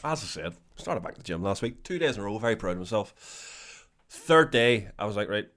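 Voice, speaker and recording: A man with a Belfast accent telling a funny story in casual podcast chat, sweary and animated, acting out the people in it. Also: fairly low pitch, brisk, slight background noise. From Northern Ireland. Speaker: podcast co-host.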